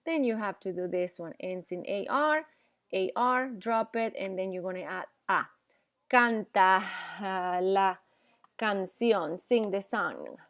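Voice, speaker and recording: A woman with a mid-range, unhurried voice teaches a Spanish grammar lesson in class. She explains patiently, repeats her examples, and keeps checking in with "okay?"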